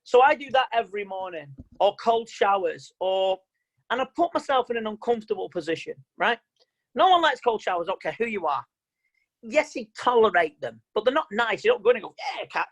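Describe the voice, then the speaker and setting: A man giving an online mind-coaching talk, chatty and animated, acting out what people say. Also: sits high, a little fast, poor audio. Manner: animated, chatty, quotes people in mock voices. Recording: video call audio.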